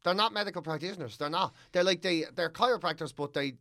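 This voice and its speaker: A man's voice: high voice, fast talker, pushed and bright. An Irish man on a podcast, talking bluntly and swearing a lot as he scoffs at his co-host's stories. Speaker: podcast co-host. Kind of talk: casual chat.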